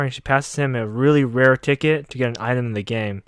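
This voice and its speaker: Young guy snarking through an anime recap, swears a lot, clean smooth voice, dead dry sound. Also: medium pitch, brisk, dry recording. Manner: sarcastic, mocking asides. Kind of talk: casual comedic recap with profanity.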